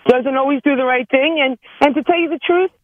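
A woman calls a sports radio show and scolds the hosts in a playful way. Her voice sits high and comes over a tinny phone line. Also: fairly quick, dry recording. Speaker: caller. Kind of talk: radio call-in.

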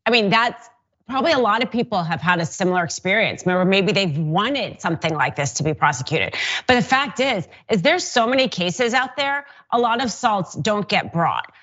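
A woman guest explaining a legal point in a measured, even way. She has a medium pitch. The sound is slightly dull. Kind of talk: interview answer.

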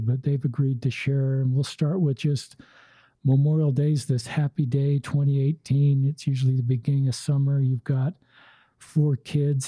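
A man hosting an interview, speaking gently and hesitantly with filler words. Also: medium pitch, husky, no room sound, poor audio. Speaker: host. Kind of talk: interview introduction.

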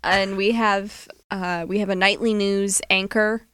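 A woman's voice: medium pitch, steady tone, fairly bright tone, smooth, no echo. Joking woman co-host, dry close mic. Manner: joking, quick to laugh, acts out quotes. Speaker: podcast co-host. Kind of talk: casual movie recap chat.

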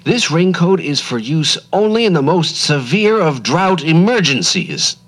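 A man's voice: sing-song, unhurried, full character voice. A man voicing a sad, secretive cloud maker. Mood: booming, stern. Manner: gentle and hushed, bursting into booming shouts.

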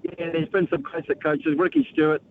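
A man's voice: a little high, big pitch swings, fairly quick, vocal fry. A man with a New Zealand accent calling in to a radio show, telling rambling, jovial stories. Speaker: caller. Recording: tinny phone line with faint hiss.

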